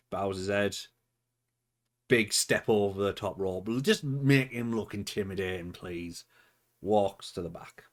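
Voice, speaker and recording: A man with a low voice talks through his wrestling management game. He is chatty and playful, pausing to think aloud about his choices and laughing at himself. The delivery is unscripted let's-play commentary. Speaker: gaming channel host.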